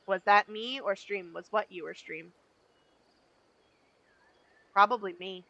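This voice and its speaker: A woman's voice: medium pitch, takes it slowly, vocal fry, pauses often, sharp tone, no room sound, rough recording. A woman streaming a game, chatting casually with her viewers while she plays. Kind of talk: casual gameplay commentary.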